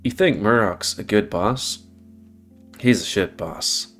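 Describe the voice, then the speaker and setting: A man acting out a gruff older father in a game story, dry and probing. He drawls slowly in a low register. Quiet guitar lingers behind him. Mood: drawling.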